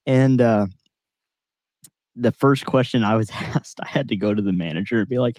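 A man chatting on his podcast in a lowish voice, close to the mic with a dry sound. He tells long, meandering stories and pokes fun at himself. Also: a little fast, a little mellow, no room sound. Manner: rambling, self-deprecating storyteller. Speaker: podcast host. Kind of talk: casual chat.

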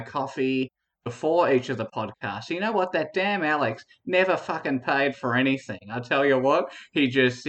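A man's voice: mid-range voice, fairly bright tone, muffled recording. A man co-hosting a podcast, arguing a comic mock debate against himself in a rambling, conspiratorial way with frequent laughs. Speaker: podcast co-host.

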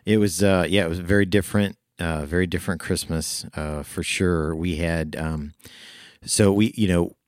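Deep-voiced upbeat male podcast host. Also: fairly even intonation, normal speed, no echo, studio quality. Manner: upbeat, playful, laughs easily. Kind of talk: casual podcast chat.

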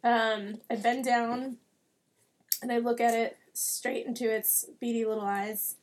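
A woman playing a tabletop game, describing her character's actions slowly and hesitantly with a deadpan tone. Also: fairly high pitch, a little hiss or hum. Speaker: player.

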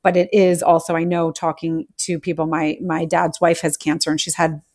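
A woman host with a slightly low voice interviews a guest in casual podcast talk. She affirms the guest often and drifts into loose, rambling asides before handing the talk back. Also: flat delivery, normal speed, darkish tone.

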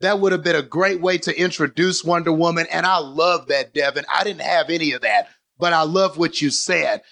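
A man with a fairly high voice talks through a film scene on a casual podcast. He rambles in an animated way, swearing now and then. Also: normal speed, creaky. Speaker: podcast co-host. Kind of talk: casual movie discussion.

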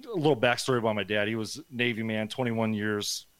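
A man's voice: on the low side, fairly even intonation, fairly quick, fairly bright tone, clean tone, dry recording. A man from Nebraska telling a story as a podcast guest, rambling with lots of fillers and casual swearing. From Nebraska, USA.

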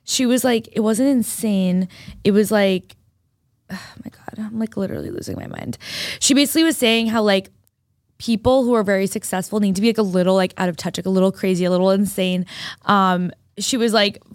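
Speaking a little fast with a medium-pitched, steady tone, this young female podcast co-host chats casually and tells a story full of filler words. The sound is dry and of studio quality.

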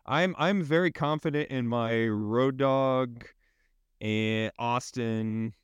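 A man's voice: mid-range voice, slow, clean tone, dry recording. A man co-hosting a podcast in easygoing casual chat, agreeable and trailing off at times. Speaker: podcast co-host.

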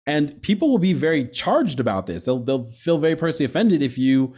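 A young man hosting a casual conversation on faith, animated and quick, with frequent asides and self-corrections. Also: a little high, husky.

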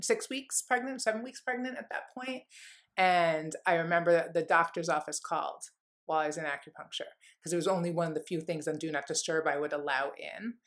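A woman with a low, fairly bright voice is a guest in an interview. She tells a candid personal story earnestly and from the heart, rambling along with lots of "like" fillers.

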